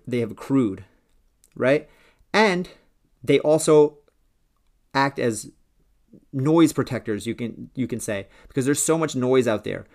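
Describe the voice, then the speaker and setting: A man hosting a solo podcast, speaking in an earnest, persuasive way about working with a coach. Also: medium pitch. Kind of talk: solo motivational podcast talk.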